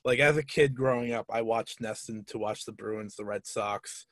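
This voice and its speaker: A man's voice: fairly low pitch, no echo, studio quality. A man in his twenties chatting casually on a podcast, often stumbling and repeating words as he tells stories. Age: 20s. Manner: halting, repeats words, laughs through stories.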